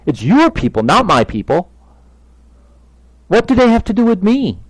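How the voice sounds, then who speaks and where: Man putting on an indignant, pleading prophet, voice swings high and low, gravelly edge. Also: expressive, moderate pace, dark tone, dry recording, low-quality recording. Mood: exasperated. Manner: pleading, indignant rhetorical questions. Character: exasperated male prophet complaining to God.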